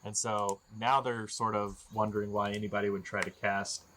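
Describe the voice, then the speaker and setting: Guy running a tabletop game, bright voice, keeps cracking jokes. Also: level tone, normal speed, slight background noise. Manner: jokey, laughs often, squeaky voices for goblins. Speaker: game master.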